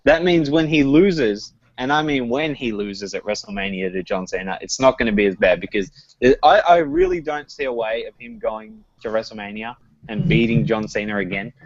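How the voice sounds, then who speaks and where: A man's voice: lowish voice, normal speed, dry recording. Earnest man on dry lo-fi audio. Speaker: podcast co-host. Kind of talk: casual chat.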